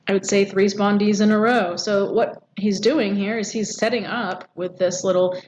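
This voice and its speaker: A woman's voice: medium pitch, fairly even intonation, a little slow, hardly any pauses, darkish tone. A woman teaching a poetry lesson, explaining step by step with frequent ums and rhetorical questions. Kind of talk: recorded poetry lecture. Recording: dull audio with faint background noise.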